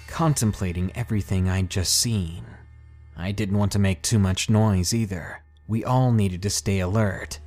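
A man reading a listener's true horror story aloud as a podcast narrator, with a measured, dramatic storytelling delivery. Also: fairly low pitch.

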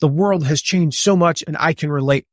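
Gregarious, slightly loud man in his forties. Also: on the high side, moderate pace, dry recording. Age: 40s. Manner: gregarious, a little loud, animated; conversational with many fillers. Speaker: guest author and business coach. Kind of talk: podcast interview.

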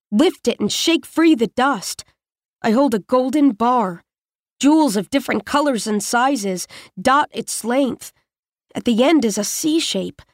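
A woman narrates a tense first-person story in a measured, intimate way. Her voice sits a little high for a woman. The recording is dry and close, with no room sound. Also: dry recording.

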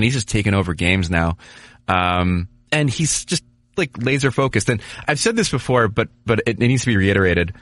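A man co-hosting a sports podcast, talking casually and at length with lots of restarts and animated asides. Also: lowish voice, no room sound. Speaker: podcast co-host, hockey writer.

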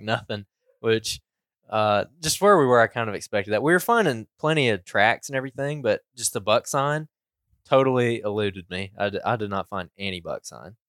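A man's voice: fairly low pitch, fairly bright tone, clean tone, dry recording. A man co-hosting a hunting podcast, recounting a hunt in a laid-back, casual way. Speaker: podcast co-host.

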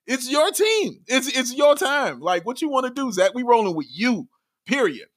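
A man co-hosting a casual sports talk show, excitable, laughing often and raising his voice when thrilled. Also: extremely high pitch, normal speed, slight background noise. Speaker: podcast co-host.

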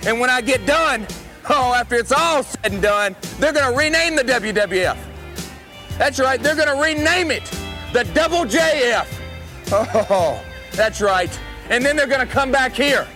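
A man's voice: very high-pitched, animated, a little slow, pushed and bright, pitched above the performer's own voice, full character voice. A man playing a cocky, boastful country singer wrestling villain in a promo clip, bragging and spelling out his own name. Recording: archive clip with music bed.

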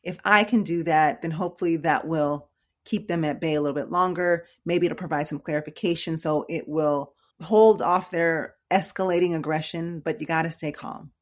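A woman's voice: sits low, fairly even intonation, moderate pace. A woman emergency room nurse giving casual, conversational advice, slangy and direct with her listeners. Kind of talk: casual educational talk.

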